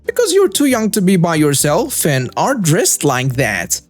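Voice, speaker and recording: A man's voice: on the high side, huge pitch swings, a little slow, faint music behind, heavily acted. A man voicing a self-righteous middle-aged woman who scolds a stranger in a shop in a preachy, accusing way. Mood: scolding.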